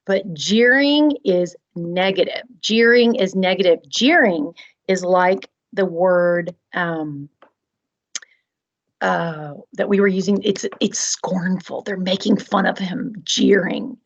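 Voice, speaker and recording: A woman's voice: lowish voice, slow, dull audio. A woman teacher reading a play aloud, explaining with dramatic emphasis and repetition. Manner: expressive, dramatic, repeats key points. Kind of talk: read-aloud lesson.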